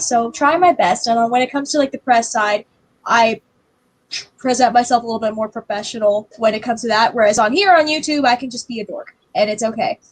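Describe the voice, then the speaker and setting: A woman co-hosting a casual livestream chat over a video call, telling stories in an animated way and acting out what people said. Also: on the high side. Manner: animated storyteller, acts out quotes. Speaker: livestream co-host.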